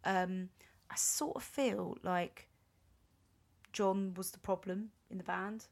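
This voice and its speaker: A woman co-hosting a casual podcast, telling a long story in a loose, rambling way. She fills her pauses with ums and keeps correcting herself mid-sentence. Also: medium pitch, steady tone, gravelly. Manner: rambling, chatty, with frequent ums and self-corrections. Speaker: podcast co-host. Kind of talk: casual chat, recounting a band's history.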